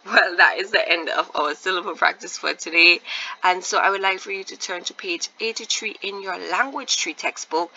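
A woman teacher giving a patient phonics lesson to young children, repeating words slowly and asking encouraging questions. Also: on the low side, creaky, pushed and bright, highs cut off, a little hiss or hum. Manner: drawn-out, deliberate word repetition with encouraging questions.

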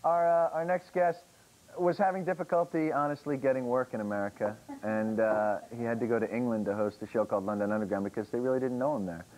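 A man's voice: medium pitch, steady tone, fast talker, a little mellow, rough recording. A young man hosting a TV talk show, joking and teasing his guest. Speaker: host.

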